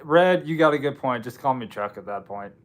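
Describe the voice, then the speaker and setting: Speaking a little fast in an animated, mid-range voice, an American livestream host chats casually with his viewers. His talk is rambling and self-deprecating.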